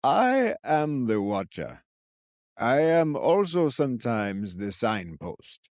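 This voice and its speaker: A man's voice: medium pitch, very animated, a little mellow, no room sound, clean studio sound. Man doing Xander, a cracked-voiced old sentry. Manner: slow, quirky, chirpy. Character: wiry old male forest sentry, odd and theatrical.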